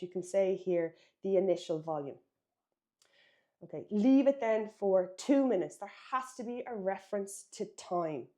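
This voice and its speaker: An Irish woman with a mellow, mid-range voice leads a biology exam revision lesson. She's instructive and emphatic, correcting herself as she writes.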